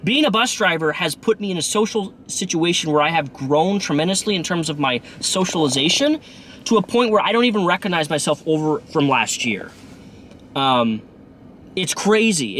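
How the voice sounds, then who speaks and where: A man's voice: a little high, a bit bright, a little hiss or hum. A man in his thirties talking casually to camera in a rambling vlog, with many restarts and fillers. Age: 30s. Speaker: YouTuber and bus driver.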